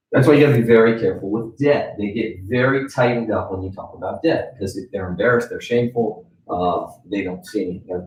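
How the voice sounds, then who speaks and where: A man's voice: on the low side, darkish tone. Man teaching in an echoey room. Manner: conversational, checks in with "right?" and "okay?". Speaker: sales trainer. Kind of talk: training lecture. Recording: roomy echo, mic at a distance.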